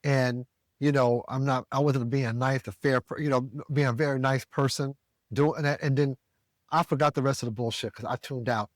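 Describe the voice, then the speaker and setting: A man from the American South telling a story as a podcast co-host, animated and profane, jumping higher when he quotes himself. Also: moderate pace, dry recording, clean studio sound. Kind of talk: casual storytelling rant.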